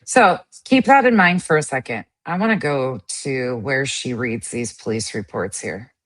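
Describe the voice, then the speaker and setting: Very low-voiced woman host, irritated. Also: expressive, normal speed. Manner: irritated, blunt, swears casually. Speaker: commentary host. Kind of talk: casual reaction commentary.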